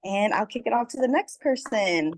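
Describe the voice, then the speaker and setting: A woman's voice: medium pitch, lively intonation, moderate pace. A woman on a group call, speaking earnestly and emphatically, repeating words for stress. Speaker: book club member about to host an event. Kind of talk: casual call sharing. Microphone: video call.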